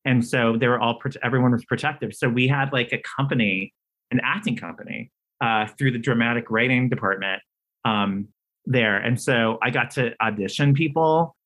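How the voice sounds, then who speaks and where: A man telling a story as a guest on an interview show, chatty and animated, with his pitch sitting right in the middle for a man. He piles on restarts and "like" as he goes. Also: moderate pace, poor audio. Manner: animated storyteller, acts out quoted dialogue with big pitch jumps; talkative, many fillers and restarts. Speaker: playwright and screenwriter guest.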